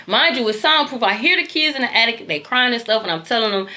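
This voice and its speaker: A woman, telling viewers a long dream story in a loose, animated way, swearing freely and talking straight to them. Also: fairly high pitch, fast talker, few pauses, slight background noise. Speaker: tarot reader recounting a dream.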